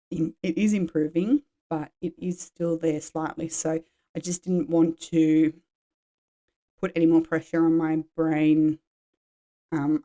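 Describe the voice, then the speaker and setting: A woman in her forties hosts a podcast, chatting candidly about her own life in a frank, rambling, casual way and dropping swear words. Her voice sits low and sounds mellow.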